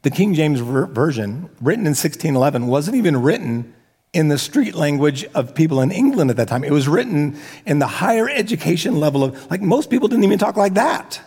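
A man's voice: fairly high pitch, big pitch swings, brisk, darkish tone, breathy edge. A man preaching a sermon as pastor, talking casually with joking asides and frequent restarts. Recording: long hall reverb.

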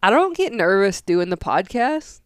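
Smooth-voiced woman podcaster, rambling. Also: mid-range voice, very animated, unhurried, dry recording, studio quality. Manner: rambling, argumentative, filler-heavy. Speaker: podcast co-host. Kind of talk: casual podcast chat.

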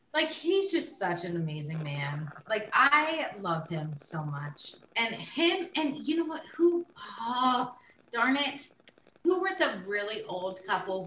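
A woman co-hosting a casual chat in a lively, chatty way. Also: medium pitch, distant mic, a little hiss or hum. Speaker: podcast co-host. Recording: echoey room.

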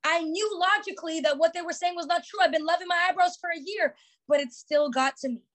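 A young woman with a very high, brisk voice hosts a podcast, delivering a motivational talk. She speaks emphatically, repeats key phrases, and leans heavily on "like" as a filler.

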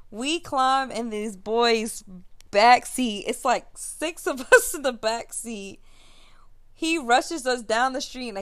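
A young woman host casually telling a funny teenage story, acting out the people in it and laughing along. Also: fairly high pitch. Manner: animated, acts out quotes, laughs while telling. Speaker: podcast host.

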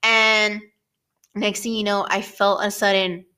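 A young woman trading personal stories on a laid-back podcast. She swears freely and leaps up in pitch whenever she acts out a remembered line. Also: a little slow, clean tone. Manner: animated storytelling with frequent swearing and big pitch jumps when quoting. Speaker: podcast co-host. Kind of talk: casual storytelling chat.

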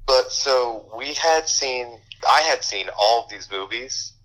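A man's voice: mid-range voice, expressive, takes it slowly, fairly bright tone, low-quality recording. A young man co-hosting a podcast, chatting casually with dry sarcasm. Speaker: podcast co-host. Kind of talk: casual film review chat.

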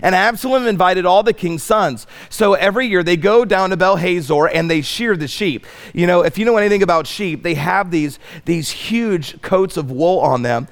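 A man preaching a sermon as pastor, swinging from loud stretched emphasis to soft pleading. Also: sits high, moderate pace, few pauses. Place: church sanctuary.

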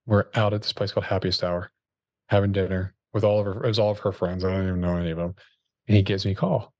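A man telling a story about his sales career in a relaxed, slangy way, with many fillers and restarts. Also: low voice, quick pace, no room sound. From Dallas area, Texas. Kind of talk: casual podcast storytelling.

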